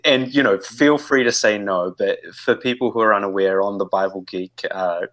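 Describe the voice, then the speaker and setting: A man's voice: fairly low pitch, normal speed, a bit bright. A man on a casual livestream, speaking hesitantly with many fillers and restarts.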